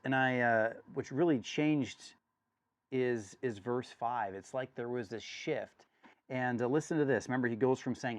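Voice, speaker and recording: A man's voice: mid-range voice, moderate pace. Earnest man giving a devotional talk. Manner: earnest, rising intensity when reading. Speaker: church study leader. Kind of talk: devotional talk with scripture reading.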